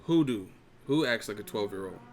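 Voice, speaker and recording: A man's voice: fairly low pitch, animated, fairly quick, music in the background. A man hosting a boxing live-stream chat, ranting and mocking viewers with lots of swearing. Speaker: boxing channel host.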